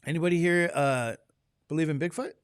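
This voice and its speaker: A man's voice: on the high side, fairly quick, clear, resonant tone, no room sound, studio quality. A man teaching a classroom lecture, chatty and digressive, asking the class questions as he goes.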